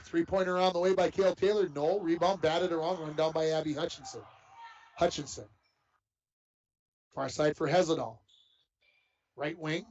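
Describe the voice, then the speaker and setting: A man's voice: a little high, a little mellow, slight background noise. A man giving live play-by-play commentary on a basketball game, folksy and chatty between plays, on dull lo-fi broadcast audio. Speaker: play-by-play announcer.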